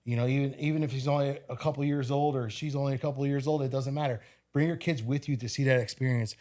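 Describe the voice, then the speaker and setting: A man talking on a podcast, lively and quick, with plenty of fillers as he gives advice. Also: medium pitch. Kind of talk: casual podcast conversation.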